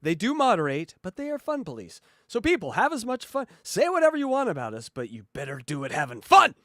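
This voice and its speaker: A man hosting a loose, profane podcast chat, slipping into quick impressions of old radio moments. His voice sits a little high and swoops around a lot, recorded close and dry. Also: huge pitch swings, pushed and bright, no room sound. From West Coast of the US. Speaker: podcast host. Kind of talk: casual chat.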